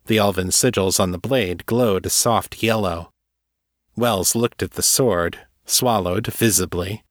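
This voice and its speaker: A man narrating serial fiction in a measured, even reading. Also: fairly low pitch, no echo, studio quality.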